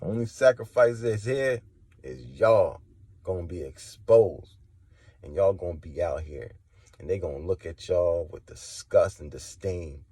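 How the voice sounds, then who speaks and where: A man giving impassioned spoken testimony, preachy and confrontational, swinging from low and quiet to loud and high. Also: lively intonation, measured pace, slightly rough, dry recording. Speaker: religious testimony vlogger.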